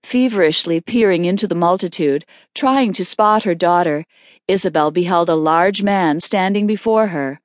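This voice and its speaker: A woman narrating an audiobook in a measured storytelling voice. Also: on the low side, no room sound, studio quality. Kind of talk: scripted narration.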